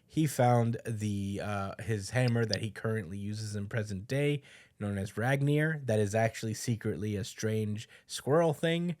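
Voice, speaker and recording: A man's voice: fairly low pitch, unhurried, a little mellow. Guy on a podcast recapping the latest chapter, loose and chatty, ums everywhere. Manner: loose storytelling with fillers, voices quotes. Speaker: podcast co-host.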